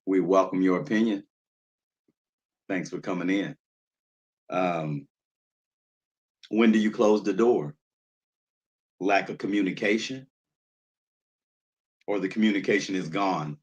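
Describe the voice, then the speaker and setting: A man's voice: deep voice, slow pace, long pauses, darkish tone, lo-fi sound. A man hosting a casual livestream, talking loosely with lots of fillers and greeting viewers in the chat by name. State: nervous, jittery. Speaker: livestream host.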